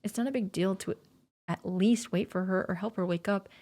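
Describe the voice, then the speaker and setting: A young woman streamer reading a visual novel's narration aloud, steady and earnest, with shrieking scared reactions in between. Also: mid-range voice, moderate pace.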